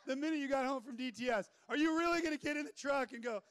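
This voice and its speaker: A man preaching a lively, joking sermon to a room of listeners, acting out little voices as he goes. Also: extremely high pitch, fast talker, hardly any pauses. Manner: animated, joking, acts out voices. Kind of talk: energetic sermon. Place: room with an audience.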